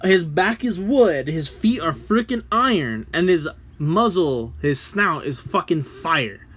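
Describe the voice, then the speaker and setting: A man's voice: on the high side, lively intonation, slow, fairly bright tone, slightly rough. A man co-hosting a casual podcast, reacting with wry, teasing remarks. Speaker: podcast co-host. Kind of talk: casual chat.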